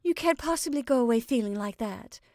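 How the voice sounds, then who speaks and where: A woman's voice: a little high, expressive, brisk, darkish tone, dry recording, clean studio sound, voice pushed up. A woman voicing an earnest, anxious young woman in a storybook reading, speaking in a pleading way.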